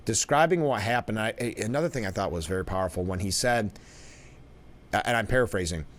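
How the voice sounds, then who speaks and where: Man hosting a talk show, low voice. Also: animated, a little fast. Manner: conversational, frequent restarts and asides. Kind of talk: casual political commentary. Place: broadcast studio.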